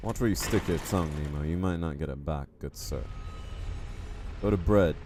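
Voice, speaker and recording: A man's voice: rumbling low, moderate pace, background noise. A man streaming a game live, chatting casually and joking with his viewers. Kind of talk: casual live-stream chat while playing.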